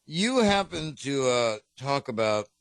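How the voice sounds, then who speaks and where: A man's voice: mid-range voice, sing-song, takes it slowly, no echo. A man co-hosting a comedy podcast, joking and giggling as he talks. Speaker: podcast co-host. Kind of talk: casual comedy banter.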